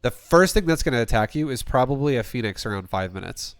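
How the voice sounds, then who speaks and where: A man's voice: mid-range voice, lively intonation, fast talker, no room sound. A man coaching a player through a game replay, blunt and rambling, swearing often and restarting sentences. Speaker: StarCraft coach. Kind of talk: casual replay coaching with profanity.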